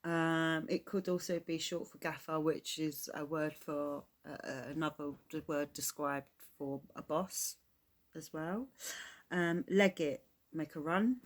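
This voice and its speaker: Low-voiced English woman explaining slang. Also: fairly even intonation. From England. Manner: chatty, explains slang with quick laughs. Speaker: reaction video host. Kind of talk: casual reaction commentary.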